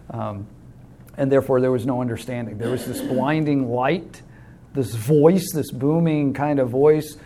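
A man's voice: on the high side, slight background noise. A man teaching a Bible study class in a conversational way, explaining with simple illustrations and calling on class members.

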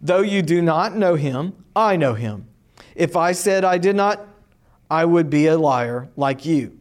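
A man teaching a class, reading a long scripture passage aloud slowly and deliberately, with emphatic rises on key lines. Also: fairly high pitch, animated.

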